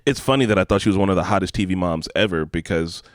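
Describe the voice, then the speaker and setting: A man co-hosting a podcast in casual chat, animated and acting out quotes with big voice swings. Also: sits low, quick pace, no room sound, studio quality. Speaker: podcast co-host.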